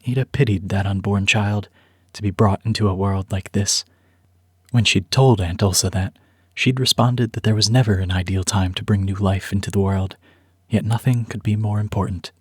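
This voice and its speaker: A man narrating a story script in a measured, even storytelling manner. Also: on the low side, breathy edge, no echo, studio quality.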